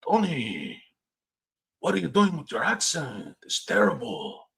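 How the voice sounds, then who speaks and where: Gravelly put-on gangster voice, a man doing impressions. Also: medium pitch, huge pitch swings, measured pace, a bit bright, full character voice, poor audio. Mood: mocking. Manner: mocking put-on accent, heckling.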